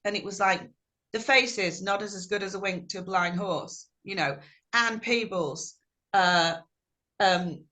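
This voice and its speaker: A middle-aged woman singer telling stories in a video call interview, acting out quotes with animation. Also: medium pitch. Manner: animated, warm storytelling with acted-out quotes.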